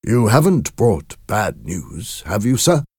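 A man's voice: lowish voice, big pitch swings, takes it slowly, a little mellow, breathy edge, dry recording, studio quality, voice pushed up, full character voice. A man doing a worried, hesitant old father. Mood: anxious. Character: worried older father, gentle and uneasy.

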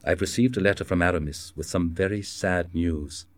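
A man's voice: low-pitched, normal speed, no echo, lightly acted. A man reading the part of a loyal musketeer captain, speaking earnestly and plainly. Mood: sad. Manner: earnest, plain-spoken delivery.

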